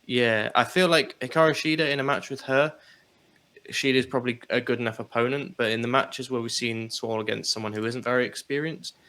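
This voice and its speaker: Male co-host, bright tense tone, animated casual chat about wrestling. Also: medium pitch, brisk. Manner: animated, laughs, swears casually. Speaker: podcast co-host.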